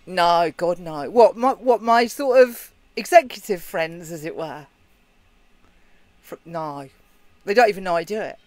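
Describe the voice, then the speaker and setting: The recording is dry, capturing a high-pitched British man who talks at a measured pace. As co-host of a live show, he chats casually and reads viewer comments out loud.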